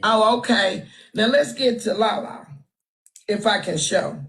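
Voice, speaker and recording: A woman's voice: mid-range voice, expressive, unhurried, low-quality recording. A woman with a Texan accent hosting a phone livestream, giving brash, sassy gossip commentary and calling people out. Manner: brash, trash-talking, sassy. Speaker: livestream host. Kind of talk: casual live-stream gossip commentary.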